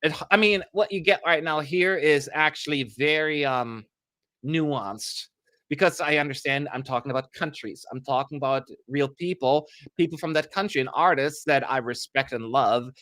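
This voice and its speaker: A man's voice: on the high side, normal speed, a bit bright, dry recording. A man from Germany hosting a live stream, chatty and self-mocking, with a dry, sarcastic streak. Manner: chatty, self-mocking, reads viewer questions aloud. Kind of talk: casual live-stream commentary.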